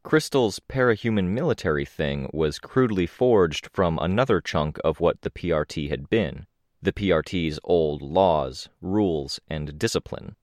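A man with a very deep, low voice narrates a first-person audiobook in a measured, even storytelling manner. The recording is dry and close, with no room sound around him. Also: dry recording.

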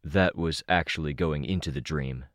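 A man's voice: extremely low pitch, normal speed, no echo, studio quality. A man voicing an earnest young male teammate in an audiobook, speaking plainly and matter-of-factly.

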